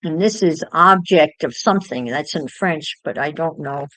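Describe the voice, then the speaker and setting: A woman's voice: deep voice, moderate pace, pushed and bright, no room sound, rough recording. A woman chatting casually to livestream viewers while she crafts, musing aloud as she works.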